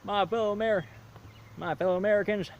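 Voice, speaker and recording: A man's voice: high-pitched, steady tone, fairly quick, lo-fi sound, a little hiss or hum, pitched above the performer's own voice. A man doing a folksy cocky president. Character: male US president impression, bragging folksy Texan.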